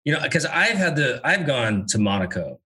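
A man's voice: mid-range voice, very animated, normal speed, pushed and bright. A man hosting an interview, asking questions with playful, sarcastic asides. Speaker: interview host. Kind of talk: casual interview chat.

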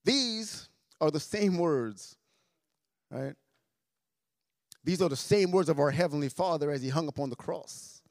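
A man with a fairly high voice preaches to his congregation, repeating phrases and swinging from hushed to loud. The sound is dry and close. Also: dry recording. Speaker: pastor. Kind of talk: sermon. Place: church sanctuary.

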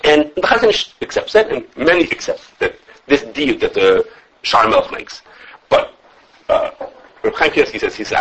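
A man full of gives a quick, informal halachic class, correcting himself as he goes. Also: on the high side. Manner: animated, quick, self-correcting, answers questions. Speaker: Torah teacher. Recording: dull lo-fi recording.

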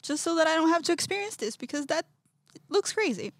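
A woman, a podcast guest, telling a personal story in an animated way, acting out quotes and laughing often. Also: very high-pitched, brisk, no echo.

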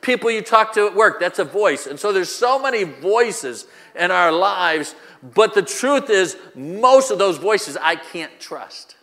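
Male pastor preaching with repetitive rhetorical questions; high, bright voice in a reverberant church hall. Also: animated, a little slow, few pauses. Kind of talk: sermon.

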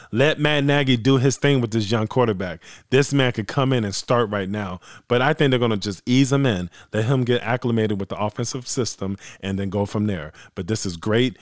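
Hyped-up guy on a solo sports podcast, kinda hoarse, keeps repeating stuff, dry close mic. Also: medium pitch, dry recording. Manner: excited and emphatic, repeats himself. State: a little hoarse. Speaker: podcast host.

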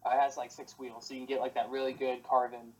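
A man's voice: medium pitch, level tone, fast, low-quality recording. A young man in casual chat, laid-back and rambling with lots of fillers.

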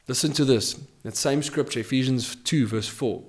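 A man preaching a podcast sermon, emphatic and repeating his key phrases, swinging between loud declarations and hushed lines. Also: medium pitch, moderate pace, hardly any pauses.

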